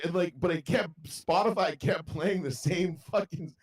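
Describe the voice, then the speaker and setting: A young man co-hosting a podcast spins a long, rambling, profane story, laughing as he goes, in a casual storytelling chat. His voice is high-pitched and moves at a moderate pace.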